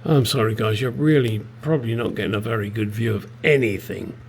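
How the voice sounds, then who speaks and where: A somewhat low, gravelly male voice talks a little fast over slight background noise. The speaker, a middle-aged Englishman, is restoring a classic car in his home garage for a casual vlog, speaking bluntly to camera and swearing without restraint.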